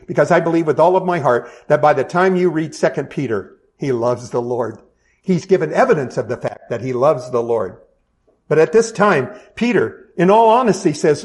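A man's voice: on the high side, darkish tone. A middle-aged man preaching a sermon as pastor, conversational, with self-deprecating asides and frequent restarts.

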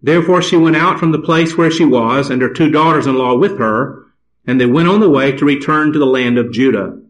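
A man preaching a sermon, reading scripture aloud and explaining it in a slow, deliberate manner. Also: mid-range voice, low-quality recording.

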